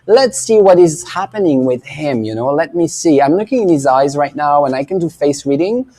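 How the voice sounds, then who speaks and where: Mellow-voiced man rambling on a live stream. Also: on the high side, animated, moderate pace. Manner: rambling and chatty, full of fillers and asides. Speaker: psychic medium hosting a weekly live show. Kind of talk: casual live-stream chat. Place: indoor room, filming at home.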